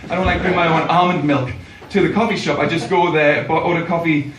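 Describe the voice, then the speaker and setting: A man's voice: a little high, steady tone, brisk, fairly bright tone, distant mic, slight background noise. A young man with a Geordie accent doing a rambling, self-deprecating stand-up set at his first gig. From Newcastle, England. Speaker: stand-up comedian. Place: comedy club stage, first gig. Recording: echoey club, recorded from afar.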